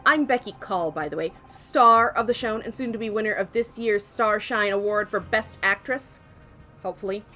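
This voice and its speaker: A woman's voice: medium pitch, moderate pace, sharp tone, soft background music, lightly acted. A woman voicing a vain young actress in a video game, boastful and self-promoting. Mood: preening.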